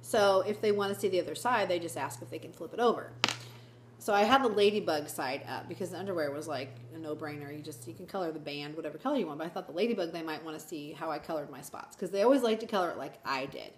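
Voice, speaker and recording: A woman's voice: low voice, quick pace, slight background noise. Chatty woman teacher vlogging. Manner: chatty, giggly storytelling. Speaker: first grade teacher. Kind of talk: casual vlog chat. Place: classroom.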